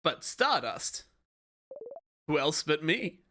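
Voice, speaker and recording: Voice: mid-range voice, big pitch swings, slow, background noise. Streamer reading a sneering star spirit. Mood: taunting. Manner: sneering, accusing. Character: taunting star-like spirit, mocking and cruel. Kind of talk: reading game dialogue aloud. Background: game music.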